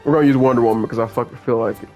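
This young gameplay host talks very fast in a steady, medium-pitched voice, angrily cursing and ranting at the game while game music plays. The audio sounds dull.

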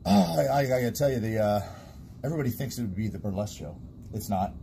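Guest storyteller: male stage tech, laughing, lively pitch, slight background noise. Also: fast talker, vocal fry. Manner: laughing storyteller, animated, trailing restarts. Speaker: guest, stage sound and lighting technician. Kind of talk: casual chat.

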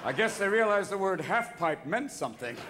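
A man's voice: sits high, big pitch swings, heavy background noise. A man doing manic, profane stand-up comedy on a theater stage. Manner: manic, profane, rapid shifts of voice. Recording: live theater, audience laughter.

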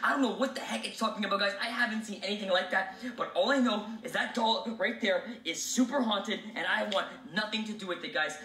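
A man's voice: sits high, a little fast, few pauses, bright, forceful tone. A man filming a spooky vlog, talking jumpily to his viewers and calling them guys. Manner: jumpy, addresses viewers as guys. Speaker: video creator. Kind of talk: scripted haunted-doll vlog. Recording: roomy, distant, music underneath.

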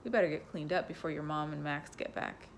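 A woman reading a bedtime story gives voice to an easygoing, lazy father who teases his daughter. The delivery is laid-back, in a low and gravelly voice. It is a storybook reading. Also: brisk, slight background noise.

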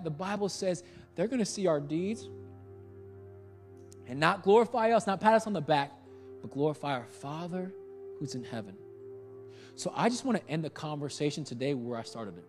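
A man with a higher-than-usual voice delivers a church sermon. He drives his points home with rapid rhetorical questions and repeated lines, sometimes dropping low and quiet, sometimes rising to a near shout. Faint music sits under his voice. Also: animated. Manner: rhetorical questions, building to passionate outbursts; repeats phrases for emphasis. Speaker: pastor.

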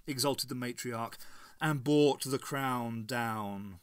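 A man narrating an unabridged novel in a measured, dramatic way. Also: mid-range voice, smooth, no room sound, clean studio sound. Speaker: audiobook reader.

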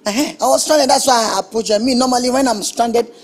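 High-voiced electrician, stammery, mocking and easily outraged. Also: male voice, fast talker. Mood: sheepish. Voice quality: stammering, dramatic protesting. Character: excitable young male electrician, indignant and mocking. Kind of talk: Nollywood film acting.

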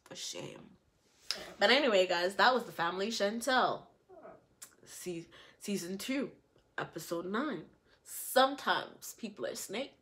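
Unhurried and medium-pitched, this woman reviews reality TV, recapping an episode in a casual, scolding way. She's animated as she mocks the people on the show, imitating them in put-on voices.

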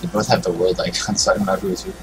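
Man, gaming streamer, lowish voice, trash-talking, loud game music behind. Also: rapid-fire, rough recording. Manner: taunting, trash-talking opponents. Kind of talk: casual gameplay commentary.

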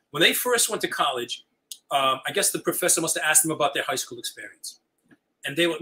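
An older man, a retiring high school teacher, telling stories as an interview guest and acting out the dialogue. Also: quick pace, rough recording. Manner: animated, acts out quoted dialogue. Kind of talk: storytelling chat.

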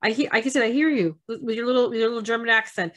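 A woman co-hosting a podcast, chatting casually with halting restarts and frequent laughter. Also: a little high, a bit bright. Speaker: podcast co-host.

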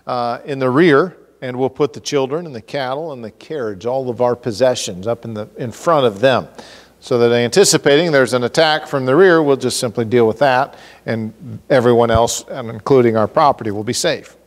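A man preaching an expository sermon as pastor, animated and acting out scripture characters with comic exasperation. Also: mid-range voice, normal speed, big-room sound. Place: church sanctuary.

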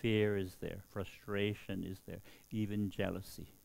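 A middle-aged man speaks as a Buddhist monk giving a dharma talk. His voice sits fairly low, and he talks slowly with many pauses. He keeps checking in with his listeners with a soft questioning "hmm?". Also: flat delivery, gravelly. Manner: slow, with frequent questioning "hmm?".

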